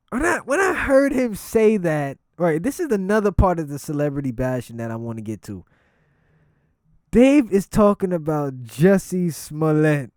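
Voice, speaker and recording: A man's voice: fairly high pitch, clean tone, no room sound, clean studio sound. A man hosting his own vlog, telling stories in a casual, profane way and breaking into laughter. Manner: animated, laughing storyteller. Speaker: commentary vlog host.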